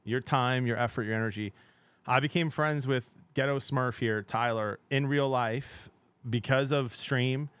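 A middle-aged male game streamer with an average-pitched voice, chatting casually and excitably with his audience. He laughs easily and drifts between half-finished sentences. His voice is close and dry, with no room sound. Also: a little slow, clear, resonant tone, no echo. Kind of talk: casual live-stream chat.

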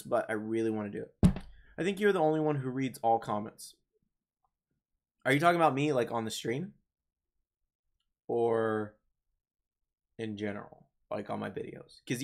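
Young male streamer, mid-pitched, loose and talkative, voice tiring a bit. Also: vocal fry. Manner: rambling, chatty, many fillers and restarts. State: voice getting worn from talking. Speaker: livestream host. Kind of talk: casual live chat reading viewer comments.

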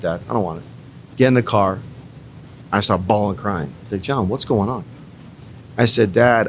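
A man's voice: lowish voice, slight background noise. A young man at a business roundtable, telling a personal story in an emphatic, repetitive way with some swearing. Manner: emphatic, repetitive, mildly profane. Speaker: entrepreneur in a roundtable.

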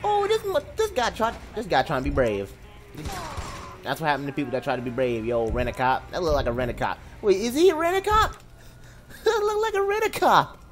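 A young man giving excitable, jokey commentary on a driving game, laughing and shouting often. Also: on the high side, a little fast, soft background music. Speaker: gameplay commentator. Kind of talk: live let's-play commentary. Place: home room.

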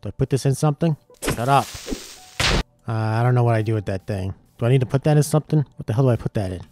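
A man giving casual gameplay commentary, excitable and swearing a lot, yelping when startled. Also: mid-range voice, quick pace, music in the background. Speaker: gaming YouTuber.

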